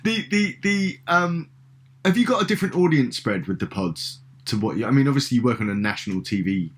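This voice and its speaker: A man's voice: medium pitch, sing-song, a little fast. A man from Britain hosting a podcast interview, asking rambling, hesitant questions with fillers. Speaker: podcast host. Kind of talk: conversational interview.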